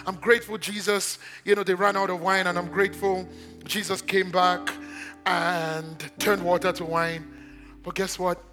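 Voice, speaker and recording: A man preaching a sermon as pastor, in a sing-song cadence that repeats phrases and builds to shouts. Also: sits high, level tone, moderate pace, faint music behind.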